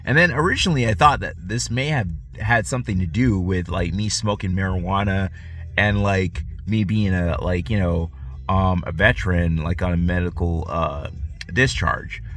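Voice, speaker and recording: A man's voice: sits low, moderate pace, fairly bright tone. A man ranting casually to camera, profane and rambling, often restarting his sentences. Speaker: vlogger.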